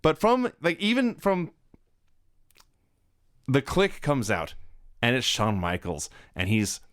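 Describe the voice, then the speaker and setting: A man's voice: mid-range voice, wildly swooping pitch, slow, a bit bright, no room sound. A man co-hosting a wrestling review show, trading dry quips and earnest praise. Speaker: wrestling podcast co-host. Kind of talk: casual review chat.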